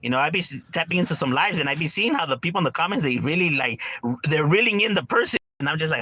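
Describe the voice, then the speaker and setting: A man's voice: a little high, animated, fast, bright, forceful tone, breathy edge, no room sound. A man chatting casually on a livestream, rambling in slang, swearing freely and calling listeners bro and homie. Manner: swears freely, laughs often. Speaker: livestreamer reading chat.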